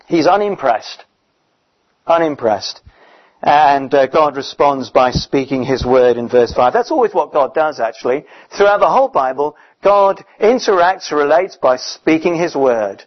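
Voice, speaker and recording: A man preaching a sermon in a conversational, emphatic way, often pausing with fillers. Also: on the high side, animated. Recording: dull, muffled recording.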